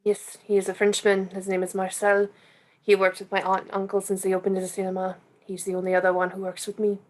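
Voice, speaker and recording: A woman's voice: mid-range voice, fairly quick, close to an everyday voice. A woman reading the part of a guarded young cinema owner in an amateur script reading, giving short, careful answers. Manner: terse, flat, careful answers.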